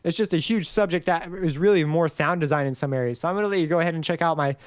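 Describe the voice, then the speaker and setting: A man's voice: fairly high pitch, fast talker, clean tone, no echo, studio quality. A young man casually explaining music theory in a tutorial, rambling a little and singing short notes to demonstrate. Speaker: music composition teacher. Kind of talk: screen-recorded tutorial.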